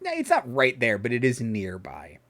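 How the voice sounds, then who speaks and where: A man narrating a tabletop game as game master, halting and laughing often as he describes scenes. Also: medium pitch, wildly swooping pitch, a bit bright.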